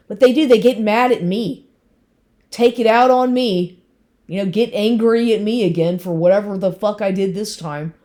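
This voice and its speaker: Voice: medium pitch, warm tone. A speaker in a rambling vlog monologue, agitated and constantly swearing, with lots of fillers and restarts.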